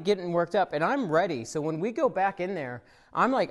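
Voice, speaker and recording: A man preaching a sermon as a pastor, in an easy conversational way. He tells stories full of filler words. His voice swells when he gets excited and drops quiet when he reflects, in a church service recorded for people watching online. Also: high voice, fairly quick, few pauses. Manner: conversational storytelling with frequent fillers; grows animated and louder in the story, soft when reflecting.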